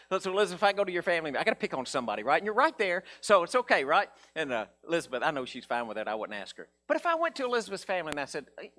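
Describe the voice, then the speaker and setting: A male pastor preaching a folksy sermon, acting out the characters' voices. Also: fairly high pitch. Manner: folksy, animated, acts out voices of Bible characters.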